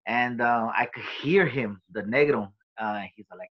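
A man's voice: lowish voice, moderate pace, hardly any pauses, highs cut off. A man in a casual interview, telling stories in profane speech with many fillers and restarts. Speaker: guest.

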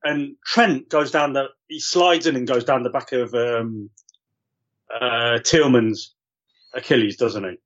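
A man's voice: medium pitch, unhurried, fairly bright tone, dull audio. A man, a podcast guest, chatting casually about football and pressing his point insistently.

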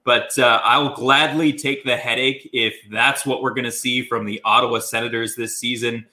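A man co-hosts a casual sports podcast and recaps the game with animated energy. His tone is bright and forceful. His voice is a bit strained from screaming, and his talk is full of "uh" fillers. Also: mid-range voice, normal speed. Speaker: podcast co-host.

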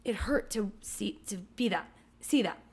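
A woman's voice: mid-range voice, animated, measured pace, a little mellow, breathy edge. A woman in her thirties, a podcast co-host and mother, chatting casually and acting out her kids' lines as she tells a story. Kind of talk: casual chat.

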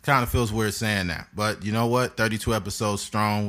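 A man's voice: lowish voice, fairly even intonation, normal speed, few pauses, bright, forceful tone. A man, hosting a podcast and telling a crude story in casual chat, laughing often. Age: 30s. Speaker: podcast host.

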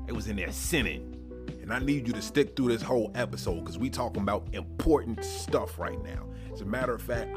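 A man hosting a casual Bible podcast, talking playfully and emphatically in slangy asides. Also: fairly low pitch. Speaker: podcast host. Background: background music.

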